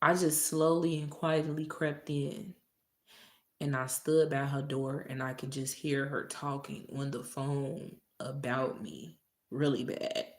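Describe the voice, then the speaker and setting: A storytime vlogger with a bass voice tells a story casually at a slow pace, swearing freely and acting out a heated argument in an animated retelling. Roomy echo surrounds her.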